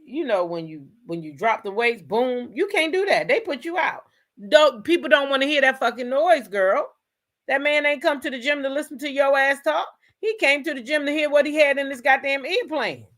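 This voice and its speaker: A woman's voice: sits high, expressive, moderate pace, a bit bright. A woman hosting a commentary show, talking in a blunt, chatty way and swearing freely. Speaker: commentary channel host. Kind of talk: casual commentary.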